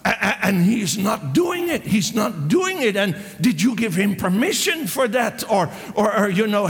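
A man preaches with a high, gravelly voice, telling a story in a lively way. He often stumbles, restarts and repeats his words. His voice rings with a long hall reverb. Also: moderate pace. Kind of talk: sermon storytelling.

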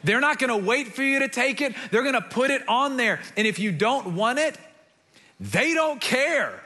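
A young man preaching a sermon, telling stories in an animated way and repeating words as he builds a point. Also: very high voice, moderate pace. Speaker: pastor.

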